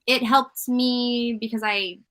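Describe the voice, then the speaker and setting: Female panelist, bright edge, earnest casual talk. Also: fairly high pitch, fairly even intonation, slow pace. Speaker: guest panelist. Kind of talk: casual livestream chat.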